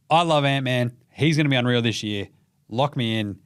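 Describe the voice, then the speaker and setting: A young Australian man hosting a casual basketball show, talking fast and loose with lots of swearing and mocking impressions. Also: mid-range voice, clear, resonant tone, dry recording, studio quality. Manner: profane, animated, mocking impressions. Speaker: podcast host. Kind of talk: casual sports commentary.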